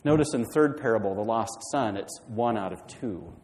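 A man's voice: lowish voice, expressive, moderate pace, darkish tone, in a large hall, a little hiss or hum, poor audio. A man preaching a sermon, retelling a story and putting questions to the congregation. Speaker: pastor.

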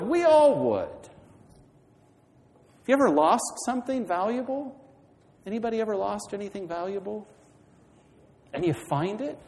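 A man's voice: high voice, darkish tone. Man preaching in a reverberant hall. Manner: storytelling with questions to the congregation. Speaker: pastor. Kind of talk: sermon.

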